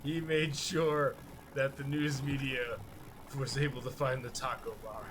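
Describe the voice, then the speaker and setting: A crowd can be heard behind this man, who speaks at a measured pace with a medium pitch and flat delivery. He hosts a casual podcast chat, rambling and cursing, frequently laughing and acting out what people said.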